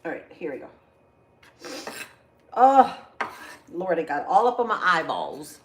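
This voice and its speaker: A woman's voice: deep voice, big pitch swings, brisk, a bit bright. A woman hosting a casual cooking livestream, chatting with viewers as she slices vegetables and often exclaims "oh Lord". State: teary from onions. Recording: echoey kitchen, faint noise.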